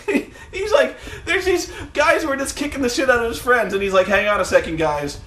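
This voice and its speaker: A man co-hosting a podcast, telling wrestling stories in casual, profane chat and acting them out with shouted impressions. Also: very high voice, big pitch swings, moderate pace, reverberant. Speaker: podcast co-host.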